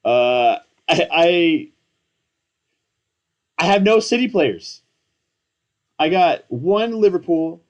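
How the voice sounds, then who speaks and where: A young man in casual commentary, excitable and rambling, slangy and self-mocking, hyped up on coffee. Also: fairly high pitch, takes it slowly, long pauses. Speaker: fantasy football content creator.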